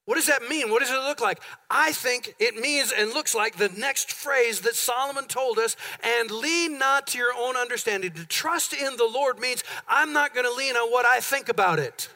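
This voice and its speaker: High, bright-voiced pastor preaching. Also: male voice, moderate pace, hardly any pauses. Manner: emphatic, repeats phrases for effect. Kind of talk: sermon. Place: church sanctuary.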